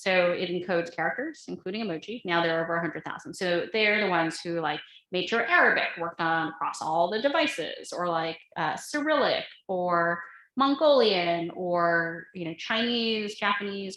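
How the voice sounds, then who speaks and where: Bright, chatty woman lecturing in an echoey room. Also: lowish voice. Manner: chatty, many fillers and asides. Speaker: guest lecturer. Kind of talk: casual lecture with slides.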